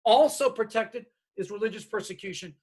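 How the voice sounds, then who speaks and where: A man's voice: high voice, moderate pace, breathy edge. A middle-aged man giving a diversity workshop, telling stories and acting out the people in them. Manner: animated, acts out quoted dialogue. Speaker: diversity trainer.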